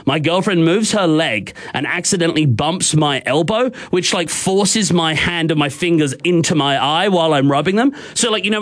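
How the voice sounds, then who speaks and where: A young Australian man hosting a radio show, telling a personal story in a candid, rambling way with many fillers and restarts. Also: a little high. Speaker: radio host.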